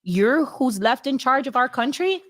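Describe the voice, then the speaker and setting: A woman's voice: high-pitched, animated, measured pace, a bit bright. A woman co-hosting a political podcast, ranting in heated casual talk with slang. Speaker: podcast co-host.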